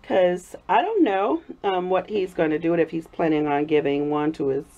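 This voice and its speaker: A woman vlogger chatting casually while making soap, her voice hoarse from a cold. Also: fairly low pitch, normal speed. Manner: chatty, warm thanks to viewers, frequent laughs. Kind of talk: casual chat while crafting. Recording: dull lo-fi recording.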